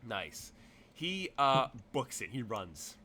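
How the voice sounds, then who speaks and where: A man's voice: mid-range voice, very animated, slow pace, bright, forceful tone, slight background noise. Rambling male game master. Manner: rambling, full of fillers and restarts. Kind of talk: narrating a tabletop game.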